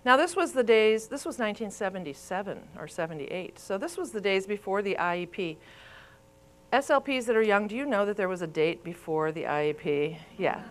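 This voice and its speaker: Her voice mid-range, expressive, and brisk, a woman in her fifties who works as a speech therapist lectures live for continuing education. Addressing both an in-person room and online viewers, she stays chatty, tells stories, and puts questions to the audience.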